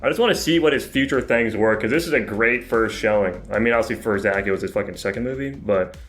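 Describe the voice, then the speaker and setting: A man's voice: fairly low pitch, fast, fairly bright tone, soft background music. A man co-hosting a podcast, retelling film scenes in a rambling, profane way during casual chat. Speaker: podcast co-host. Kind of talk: casual movie review chat.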